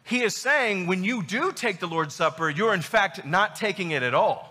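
A man's voice: high voice, animated, moderate pace, bright, forceful tone, in a large hall. A man preaching a sermon as pastor, emphatic and emotional, full of rhetorical questions.

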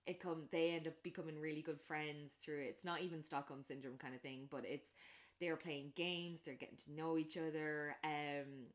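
A woman chatting casually, retelling a film plot and acting out the characters' lines, with lots of fillers. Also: moderate pace. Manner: animated storytelling, acts out characters' lines in a raised pitch; many fillers and restarts.

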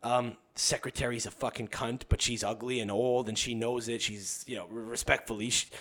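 Young male podcast guest, mid-pitched, casual and profane, tells anecdotes and does quick voices of others. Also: fairly even intonation, fairly bright tone. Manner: profane, rambling storyteller.

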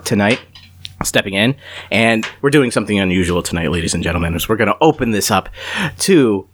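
A man's voice: lowish voice, animated, a little fast, a little hiss or hum. A man from Northeast Ohio hosting a casual, jokey podcast chat and laughing often. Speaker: podcast host.

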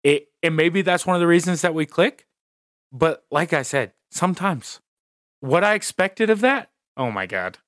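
Lively, laughing male podcast host. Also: on the high side, moderate pace, no echo, studio quality. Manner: animated, laughs often, emphatic. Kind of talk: casual chat.

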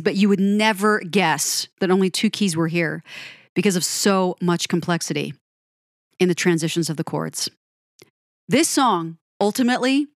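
A woman hosting a music commentary, gushing about a song, animated and quick to correct herself. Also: mid-range voice, dry recording, clean studio sound. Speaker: music podcast host. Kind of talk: enthusiastic song breakdown.

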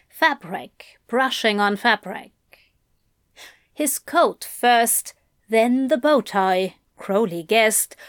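A woman reads a story aloud in an unhurried, expressive way, with a lively, rising and falling voice set slightly higher than most. The recording is close and dry, with no room sound. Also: dry recording. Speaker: narrator. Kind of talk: audiobook narration.

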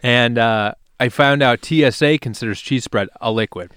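A young man from Wisconsin co-hosting a podcast, telling stories in a relaxed, chuckling way. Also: medium pitch, normal speed, clean tone, dry recording, studio quality. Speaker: podcast co-host. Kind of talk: casual podcast chat.

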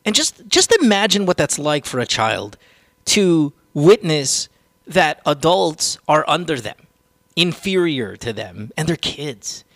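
A man's voice: a little high, big pitch swings, a little slow, fairly bright tone, dry recording, clean studio sound. A man hosting a podcast, ranting casually with strong opinions and plenty of swearing. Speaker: podcast host.

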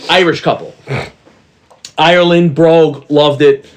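A middle-aged man co-hosting a casual podcast, telling rapid, profane stories and acting out the voices of the people in them. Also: fairly high pitch, steady tone. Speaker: podcast co-host. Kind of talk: casual banter.

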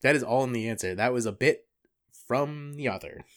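This is a young man in casual, comedic podcast chat, laughing easily between bits. He reads passages aloud in a dry, deadpan way, with a voice of ordinary, middle pitch. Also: brisk. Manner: joking, laughs often, deadpan readings. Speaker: podcast co-host.

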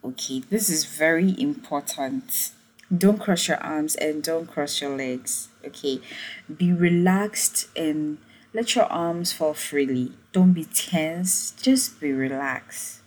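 Earnest woman host with a low voice. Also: takes it slowly, a little mellow. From Ghana. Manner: earnest, repeats "okay" and "please", laughs at herself. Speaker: podcast host. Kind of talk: advice podcast monologue.

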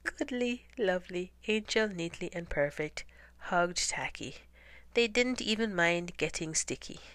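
A woman reads a children's picture book aloud in a soft, half-whispered voice. Her pace is very slow and her tone is bright and clear. The recording is close and dry, with no room around it. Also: fairly low pitch, lively intonation, no room sound. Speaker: storybook reader. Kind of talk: children's story read-aloud.

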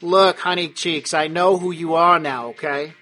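A man's voice: fairly high pitch, steady tone, a little slow, sharp tone, faint music behind. A man voicing a brash, swearing gangster boss who lectures and scolds. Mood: dismissive.

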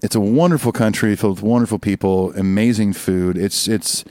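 A man's voice: on the low side, steady tone, fairly quick, a little mellow, dry recording. A young man co-hosting a casual music podcast, playful and joking. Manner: playful, jokes with put-on voices. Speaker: podcast co-host.

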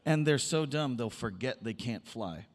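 A man's voice: medium pitch, lively intonation, normal speed, long reverb tail. A man in live onstage banter at an arts venue, rambling and jokey, cutting in on others. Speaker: band member on a live panel.

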